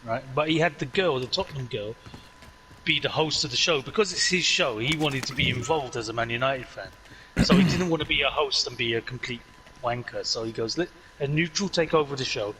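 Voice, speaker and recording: A man's voice: medium pitch, a little fast, poor audio. A man chatting casually while gaming, retelling arguments animatedly and acting out the voices. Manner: animated storyteller, acts out quoted arguments. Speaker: gaming streamer. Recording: clear background noise.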